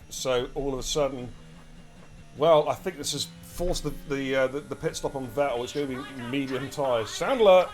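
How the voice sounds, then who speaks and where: Excitable man commentating a race. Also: mid-range voice. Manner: excitable, chatty, addresses chat directly. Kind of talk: live esports race commentary.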